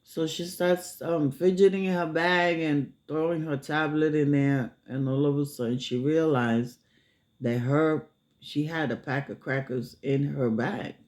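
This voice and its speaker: A man telling a story casually, unhurried, with many filler pauses. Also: on the high side, fairly even intonation, a little mellow.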